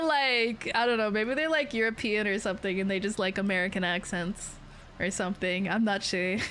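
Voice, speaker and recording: A woman's voice: fairly high pitch, fairly bright tone, slight background noise. A young Canadian woman with a Canadian accent, chatting casually and rambling with her stream viewers, giggling often.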